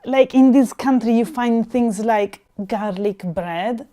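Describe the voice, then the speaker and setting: Young italian woman chatting away, smooth clear voice, kinda high, lots of ums and restarts. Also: takes it slowly. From Italy. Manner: animated, laughing often, frequent fillers and restarts. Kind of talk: casual chat.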